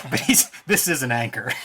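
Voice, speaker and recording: Bright-voiced joking comics co-host. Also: male voice, medium pitch, animated, a little slow, slight background noise. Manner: jokey, laughs often while paging through a comic. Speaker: cartoonist co-host. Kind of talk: casual chat about comics.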